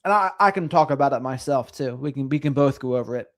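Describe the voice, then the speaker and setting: A fast-talking middle-aged man with a mid-range voice runs a relaxed livestream. He chats with viewers and reads their comments in a bouncy, sing-song manner.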